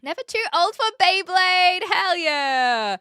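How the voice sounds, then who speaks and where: A young woman with a New Zealand accent, chatting with her stream and reading out comments, giggly and trailing off into quiet asides. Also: extremely high pitch, lively intonation, slow pace, no room sound, studio quality. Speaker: livestreamer.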